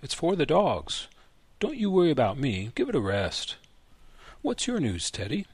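A man doing a gruff, stubborn old grandfather. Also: fairly high pitch, huge pitch swings, normal speed, no echo, pitched above the performer's own voice, exaggerated voice. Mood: prying. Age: older. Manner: brusque and dismissive.

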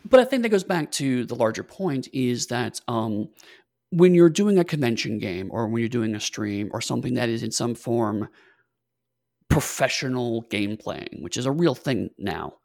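A man's voice: mid-range voice, animated, moderate pace, gravelly, a little mellow, no room sound, studio quality. A man co-hosting a podcast, talking in a reflective, hesitant way with many fillers. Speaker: podcast co-host, game master. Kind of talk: casual chat.

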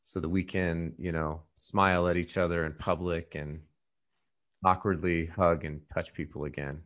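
A man's voice: deep voice, level tone, normal speed, a bit bright, lo-fi sound. A man hosting a podcast in casual chat, rambling with lots of fillers and restarts. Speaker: podcast host.

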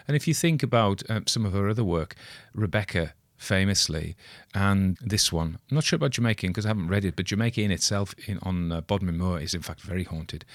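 A man's voice: sits low, no echo. A middle-aged man, chatting in a rambling, wry, self-deprecating way about a story he has read. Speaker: audiobook reader commenting on a story. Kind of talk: rambling casual commentary.

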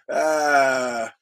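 A man's voice: fairly high pitch, gravelly, bright, forceful tone. A man hosting his own podcast, talking in a rambling, digressive way, quoting film lines and laughing often. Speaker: podcast host. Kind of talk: rambling casual monologue.

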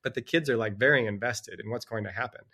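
A middle-aged man talks casually as a guest author. He is an animated storyteller who jumps into little character voices as he recounts a book. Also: medium pitch, fast. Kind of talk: casual conversation.

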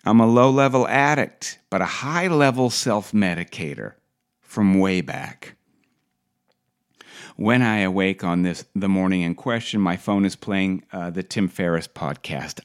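A middle-aged man hosting a podcast, delivering a wry, scripted comic monologue with deadpan asides. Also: low-pitched, unhurried. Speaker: podcast host.

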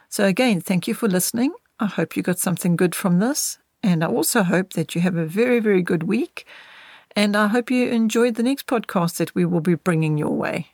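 A woman's voice: lowish voice, a little mellow, dry recording, clean studio sound. A woman podcast host closing an episode in a sincere, well-wishing way. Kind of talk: podcast sign-off.

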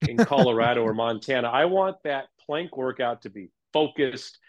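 An energetic middle-aged man chatting as a guest in an interview, a fitness instructor with an animated, upbeat way of talking. His voice sits at an average pitch for a man. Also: moderate pace, highs cut off, a crowd in the background. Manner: energetic, animated, puts on playful voices when quoting. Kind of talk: casual interview chat.

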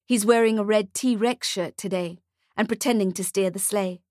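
A woman narrating an audiobook short story in a steady storytelling manner, close to the mic. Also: mid-range voice, normal speed, dry recording. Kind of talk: scripted narration.

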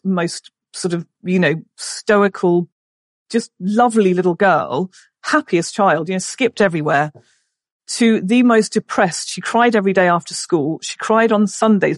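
A woman in her forties, a podcast guest, tells a personal story emotionally, halting and restarting often. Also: medium pitch, dry recording, clean studio sound.

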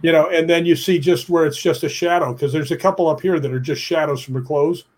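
A middle-aged man, a stunt performer, telling an animated story in a casual interview, often tagging his sentences with "right?". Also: a little high, fast, heavy background noise. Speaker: stuntman and actor, guest.

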